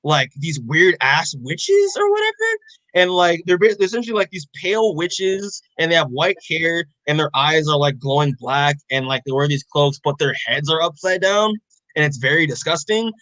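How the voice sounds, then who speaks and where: Rambling, profane young man, fairly high voice. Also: animated, normal speed, sharp tone, dry recording, low-quality recording. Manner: rambling, swears freely, many fillers. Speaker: podcast co-host. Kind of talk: casual chat recapping a comic.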